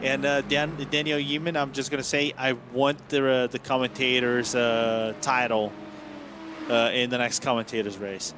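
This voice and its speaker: A man chats through a race as co-commentator in a mid-range voice. He talks in a halting, hesitant way and often stops to search for his words. Clear background noise runs under his mic. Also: mid-range voice, little pitch movement. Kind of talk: casual color commentary.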